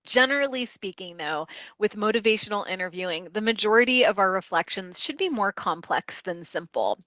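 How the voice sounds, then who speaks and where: A woman, a wellness coach and trainer, calmly explaining counseling skills step by step in an instructional talk. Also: mid-range voice, brisk, no room sound. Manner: calm, explanatory, teaching step by step. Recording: dry, slightly dull lo-fi sound.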